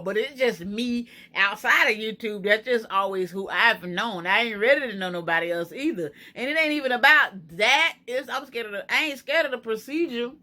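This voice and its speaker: Anxious bright-voiced woman vlogging. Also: medium pitch. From Florida. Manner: anxious, emotional, talks to viewers as girl and y'all. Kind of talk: casual vlog chat to viewers. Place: home kitchen.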